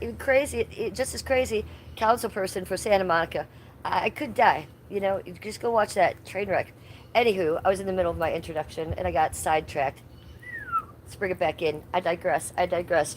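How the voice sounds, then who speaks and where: Woman, livestream host, casual and rambling, slightly low voice, outdoors on a phone mic. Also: brisk, slight background noise. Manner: chatty, easily sidetracked, playful baby talk to animals. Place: outdoors at home, yard with trees.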